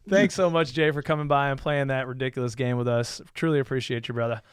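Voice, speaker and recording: A man co-hosting a podcast, jokey and upbeat, thanking guests and reading out shout-outs. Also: mid-range voice, fairly even intonation, moderate pace, smooth, dry recording, studio quality. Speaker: podcast co-host. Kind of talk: casual podcast chat with sign-offs.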